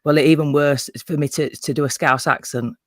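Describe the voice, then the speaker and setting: A man's voice: a little high, steady tone, fairly quick, a bit bright, no room sound, studio quality. A man with a Yorkshire accent, chatting casually as a guest on a livestream panel, sweary and self-mocking with frequent laughter. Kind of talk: casual chat.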